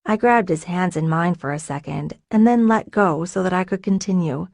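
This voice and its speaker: A woman narrating a novel in the first person in a soft, earnest, emotional way. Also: fairly low pitch, normal speed, creaky, no room sound. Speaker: audiobook narrator.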